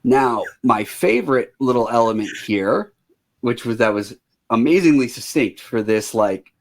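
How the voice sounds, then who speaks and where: A man co-hosting a podcast, retelling an odd story in a relaxed, dry, casual way with many fillers. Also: medium pitch, a little slow. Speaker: podcast co-host telling the story.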